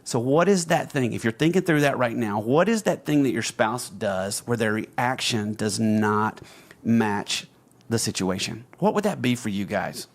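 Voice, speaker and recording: A middle-aged man talks through advice as a podcast host. His voice sits at an ordinary middle pitch, and his manner is earnest and teaching. He repeats and stresses his main points. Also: expressive, a little slow. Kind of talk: casual advice talk.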